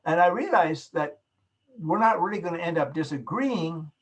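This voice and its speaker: A man lecturing a class over a video call, his voice a touch husky and sitting a little high for a man. He explains patiently, leaning on everyday examples to make each point land. The sound has the plain quality of a call microphone. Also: lively intonation, moderate pace, dull audio. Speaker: course instructor.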